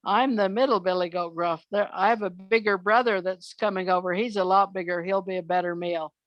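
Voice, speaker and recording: A woman's voice: medium pitch, steady tone, fairly quick, no room sound, highs cut off, natural voice. Woman as a bargaining middle billy goat. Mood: pleading. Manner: pleading.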